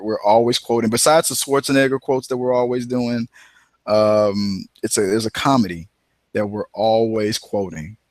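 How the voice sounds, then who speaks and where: A man co-hosting a casual movie talk show, rambling and retelling scenes with animated quoted voices. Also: lowish voice, no echo. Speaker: podcast co-host.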